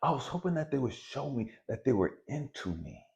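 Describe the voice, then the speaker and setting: A man giving a blunt, profane, preachy motivational spiritual talk, swinging between loud emphasis and hushed lines. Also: mid-range voice, sing-song, a little fast, gravelly. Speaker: spiritual video host.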